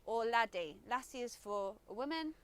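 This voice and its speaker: A woman giving an instructional lesson, explaining words in a careful, deliberate way. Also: on the high side, expressive, a bit bright, clean tone. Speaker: language teacher.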